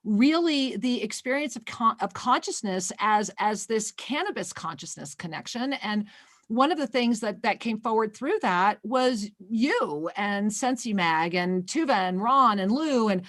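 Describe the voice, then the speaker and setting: A woman hosts a spiritual call-in radio show, pouring affection over her callers and calling them sweetheart. Her voice sits on the high side and sounds dry and close, with no room around it. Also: expressive, measured pace, fairly bright tone, dry recording.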